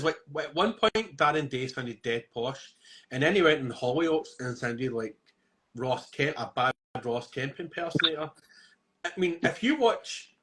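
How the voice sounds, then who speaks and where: A man, hosting a casual podcast chat and telling animated, sweary stories. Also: fairly high pitch. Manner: animated storytelling, swears freely. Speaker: podcast host.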